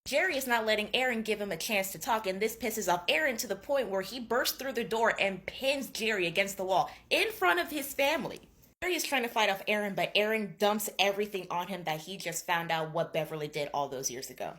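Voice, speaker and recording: Young woman spilling book tea, super animated, swears a lot, voice jumps all over. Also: mid-range voice, a little fast. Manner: animated, gossipy, swears freely. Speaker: booktuber. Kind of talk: casual book recap.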